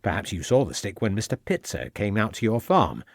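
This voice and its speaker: A man's voice: on the low side, sing-song, a little fast, no room sound, studio quality. A man voicing a stern police inspector who questions firmly and with threats.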